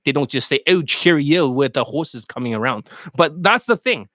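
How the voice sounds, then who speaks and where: Brief: foul-mouthed male dating coach, very animated delivery, dry close sound. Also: mid-range voice, normal speed, no echo. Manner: crude, animated, mocking. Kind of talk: coaching rant.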